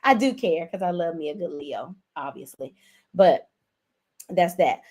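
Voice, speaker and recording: A woman in her forties hosting a casual livestream, recapping a drama episode and speaking directly to viewers in a chatty, animated way. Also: fairly low pitch, unhurried. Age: 40s. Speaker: host. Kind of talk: casual livestream show review.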